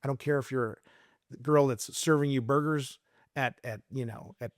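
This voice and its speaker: Speaking at a moderate pace in a mid-range voice, the middle-aged Arizona realtor comes through a dry, studio-quality recording. On this relaxed podcast interview he discusses sales tactics and, as an animated storyteller, performs his client calls with lively voices.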